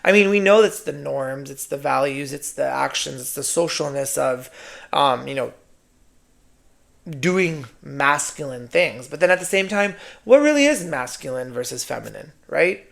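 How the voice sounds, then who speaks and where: Brief: male podcaster, gravelly voice, sassy and foul-mouthed solo talk. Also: a little high, lively intonation, normal speed, a bit bright. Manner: sassy, profane, keeps adding "right?". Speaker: podcast host. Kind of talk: casual solo monologue.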